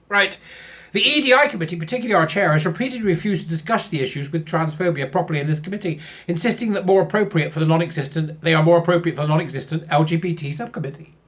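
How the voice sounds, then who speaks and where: A sarcastic man with a high voice reads a news piece aloud, breaking off into scornful asides and chuckles. His tone is mocking and dismissive throughout, like a host riffing on a channel. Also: quick pace, a bit bright. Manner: sarcastic and scornful, laughing often at his own jokes. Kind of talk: reading a news article aloud with mocking commentary.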